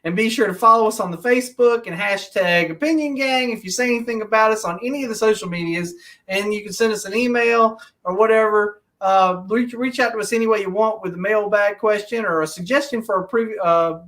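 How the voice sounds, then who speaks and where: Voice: medium pitch, fairly quick, fairly bright tone, recorded from a distance. A podcast host ranting in casual chat, heated and full of profanity.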